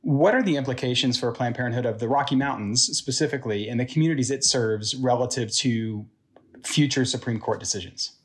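A man in a podcast interview speaks at a middle pitch, asking measured and thoughtful questions as co-host.

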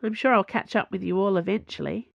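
A woman's voice: mid-range voice, fast, vocal fry, no room sound. A woman voicing a wry young woman agent. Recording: dull lo-fi dry recording.

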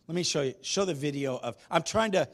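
A man preaching a sermon as pastor, telling stories in an animated way and moving between loud and hushed delivery. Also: a little high, brisk, gravelly. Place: church sanctuary.

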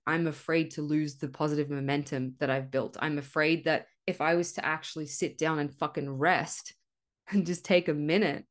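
A young woman hosting a solo podcast, talking candidly and rambling, swearing freely and laughing at herself. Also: low voice. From Australia. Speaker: podcast host. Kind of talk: casual solo podcast monologue.

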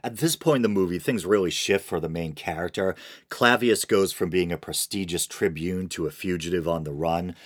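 A man with a very low voice recaps a film in an easy, conversational review. He drops wry asides as he goes. The sound is close and dry, with no room around it. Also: moderate pace, no room sound. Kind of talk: casual scripted film review narration.

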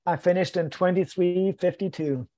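A man's voice: high-pitched, normal speed, no echo. A man, a podcast guest, telling a story in casual chat, acting out quoted lines with self-deprecating humor. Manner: lively, acts out quoted dialogue, self-deprecating.

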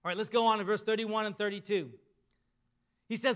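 High, bright-voiced preaching man. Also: fairly even intonation, clean tone. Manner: emphatic preaching with slow drawn-out endings. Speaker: pastor. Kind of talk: sermon.

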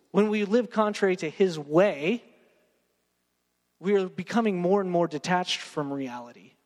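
A man's voice: high-pitched, long reverb tail. A young man, preaching a sermon in a casual, joking way and talking straight to his congregation. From Texas. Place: church sanctuary.

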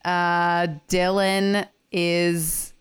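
A woman's voice: on the low side, flat delivery, extremely slow, clear, resonant tone. A young woman co-hosting a casual podcast, chatting through a movie plot with lots of "like" and frequent laughs. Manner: chatty, heavy use of "like", laughs often. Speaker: podcast co-host. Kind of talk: casual chat recapping a movie.

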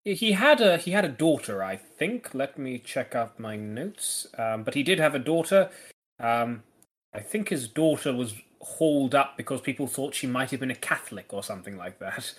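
A man's voice: mid-range voice, lively intonation, moderate pace, slightly rough. Guy on a podcast reading off his notes, dry jokes, medium voice. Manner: explanatory, checks his notes, dry wit. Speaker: podcast co-host. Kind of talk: casual podcast chat.

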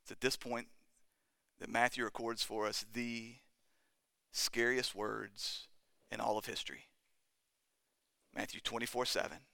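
A man preaching a sermon as pastor, with impassioned delivery that rises to loud cries at the climaxes. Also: mid-range voice, little pitch movement, a little slow, vocal fry, long pauses, dry recording.

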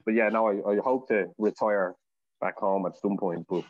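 A man's voice: fairly low pitch, steady tone, normal speed, no echo, lo-fi sound. An Irish man living abroad, a guest in a casual chat, talking in a chatty storytelling way. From Ireland. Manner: chatty, storytelling with acted quotes.

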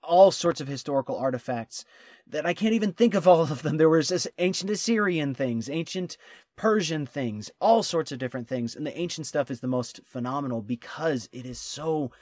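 A man co-hosting a travel talk, eager and quick to laugh, tripping over his words when excited. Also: on the high side, no room sound, clean studio sound. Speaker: travel vlog co-host. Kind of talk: casual travel chat.

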